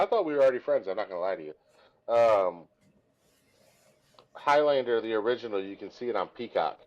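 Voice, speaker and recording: A man co-hosting a podcast, chatting casually in an animated, rambling, self-deprecating way. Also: on the low side, fairly quick, pauses often, dull audio. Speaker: podcast co-host. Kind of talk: casual chat.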